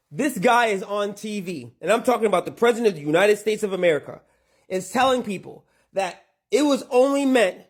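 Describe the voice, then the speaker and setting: Someone ranting casually in a reaction, laughing, mocking and swearing freely. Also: medium pitch.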